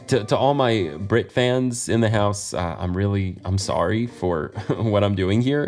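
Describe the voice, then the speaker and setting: A man's voice: fairly low pitch, measured pace, hardly any pauses, a little mellow, faint music behind. An American man hosting a casual let's play, chatty and self-deprecating, laughing often between his asides. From United States. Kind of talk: casual video game commentary.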